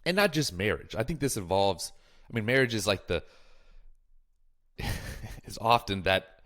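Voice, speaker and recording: A man hosting a casual podcast, talking in an animated, jokey way and drifting into tangents. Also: fairly low pitch, moderate pace.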